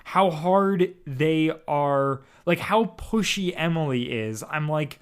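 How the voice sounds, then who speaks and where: A man talks casually on a podcast, his voice sitting a little high for a man. He rambles and restarts his sentences in an animated way. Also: slow, clean tone. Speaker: podcast co-host. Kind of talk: casual chat reviewing an audio drama.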